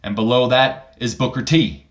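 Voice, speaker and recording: A man putting on a cocky wrestler who boasts in slow, drawn-out lines. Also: mid-range voice, muffled recording, natural voice. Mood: arrogant. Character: cocky arrogant male wrestler talking in third person.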